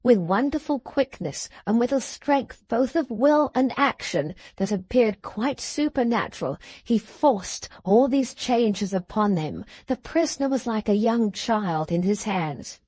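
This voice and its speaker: A woman narrating an audiobook in a measured way, slowing at the end of phrases. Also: a little high, animated, a little mellow, slightly rough, dry recording. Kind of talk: scripted narration of a classic novel.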